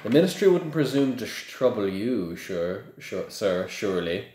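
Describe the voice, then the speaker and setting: A man reading aloud and voicing an oily, fawning male shopkeeper with a higher, smarmy voice. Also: very animated, moderate pace, darkish tone, roomy sound, a little hiss or hum. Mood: placating. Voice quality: oily, obsequious.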